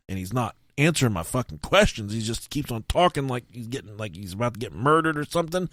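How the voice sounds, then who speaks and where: A young man co-hosting a podcast, telling stories in a casual, animated way, swearing often and shouting when acting out scenes. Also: mid-range voice, fast, hardly any pauses, no room sound, clean studio sound. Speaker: podcast co-host.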